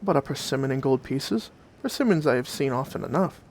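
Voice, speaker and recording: A man's voice: medium pitch, expressive, a little fast, darkish tone, a little hiss or hum, close to an everyday voice. A man voicing a poor old countrywoman, a practical wife who fusses in disbelief, in a told story. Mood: disbelieving. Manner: fussy and disbelieving.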